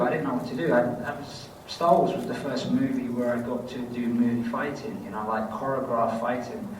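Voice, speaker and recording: A Scottish-born man with a London accent, a convention panel guest telling rambling, self-mocking anecdotes in casual Q&A answers. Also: mid-range voice. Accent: London English. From Scotland. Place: large convention hall. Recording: echoey hall, distant mic, background noise.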